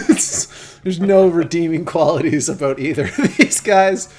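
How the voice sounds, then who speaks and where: A man's voice: a little high, unhurried, a little mellow. A man narrating a tabletop horror game as game master, rambling with many fillers and restarts and laughing often.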